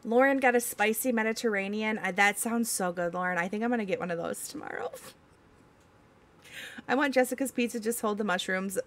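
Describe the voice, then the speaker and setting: A woman's voice: mid-range voice, normal speed, a bit bright. A young woman streamer, reading chat aloud and giggling in casual talk.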